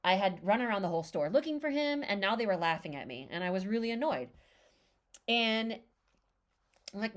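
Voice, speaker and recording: A woman's voice: fairly high pitch, normal speed. A woman co-hosting a podcast, telling a story in casual chat and acting out the quoted dialogue. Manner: animated, acts out quoted dialogue. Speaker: podcast co-host.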